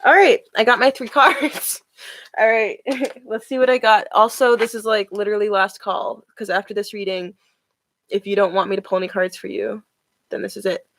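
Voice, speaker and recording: A woman's voice: medium pitch, fairly even intonation, moderate pace, fairly bright tone, no room sound. Woman on a live tarot stream, chatty, says like a lot, dry close sound. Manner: chatty, with many "like" fillers. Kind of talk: casual live stream chat.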